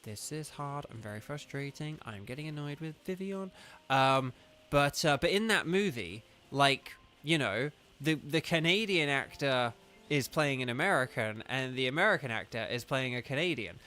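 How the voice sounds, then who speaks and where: A man's voice: mid-range voice, animated, moderate pace, bright, forceful tone. A young man from southern England with a southern English accent, chatting casually and rambling on a game livestream, leaning heavily on "like". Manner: rambling, chatty, heavy use of "like". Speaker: game streamer.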